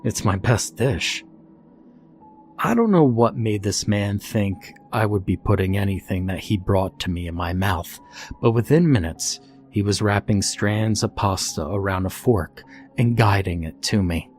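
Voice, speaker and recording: Male narrator for bedtime horror, low, steady and calm, faint music bed. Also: moderate pace. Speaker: storyteller.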